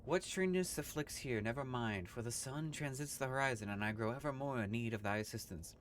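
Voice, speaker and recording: A prim, fussy landlady talking in stilted old-fashioned phrases, as a man puts her on. The pitch stays at an ordinary male level over a faint hiss. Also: brisk, close to an everyday voice. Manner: stilted archaic speech, thee and thou.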